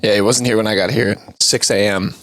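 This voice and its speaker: A male co-host on a casual morning talk show, playful and agreeable and quick to joke, on a headset mic. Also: lowish voice, steady tone, a bit bright, no echo.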